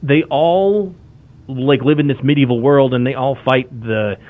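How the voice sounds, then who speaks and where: A man's voice: mid-range voice, unhurried. A man in casual chat, talking enthusiastically and rambling with frequent restarts. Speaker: podcast guest. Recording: phone-like lo-fi audio.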